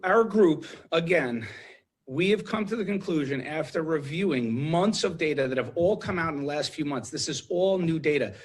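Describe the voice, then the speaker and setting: A man's voice: on the high side, expressive, moderate pace, husky. A man speaking as an intensive care doctor in a TV interview, urgent and emotional, repeating himself with many restarts. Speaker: ICU doctor guest.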